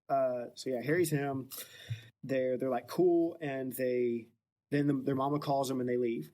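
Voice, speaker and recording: A man hosting a podcast, casually retelling a book chapter with jokes and quick acted-out quotes. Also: medium pitch, mellow. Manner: jokey, acts out quotes in voices. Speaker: podcast host.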